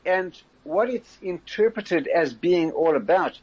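An older man, a former community leader, explaining current affairs in a measured radio interview, often restarting his sentences. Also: sits high, expressive, darkish tone, breathy edge, no room sound, lo-fi sound.

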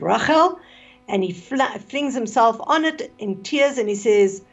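A woman retelling a story on the radio, expressive and with fillers, on a dull lo-fi recording. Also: a little high, a little slow, soft background music.

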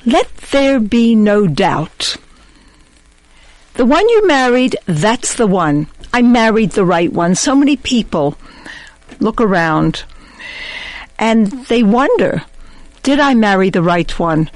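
A woman's voice: medium pitch, sing-song, slow, long pauses, dry recording, low-quality recording. A woman hosting a discussion on faith and marriage, thoughtful and affirming. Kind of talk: reflective religious discussion.

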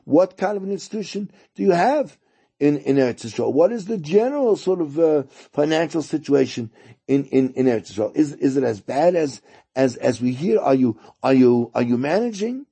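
A man's voice: fairly high pitch, expressive, normal speed, vocal fry, dark tone, slightly rough, full character voice. A man voicing a chatty, curious old man who keeps asking questions. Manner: nosy, questioning.

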